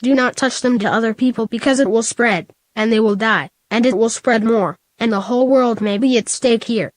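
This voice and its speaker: A woman voicing a calm but worried male doctor in an even, earnest delivery. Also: a little high, moderate pace, dry recording, clean studio sound, natural voice.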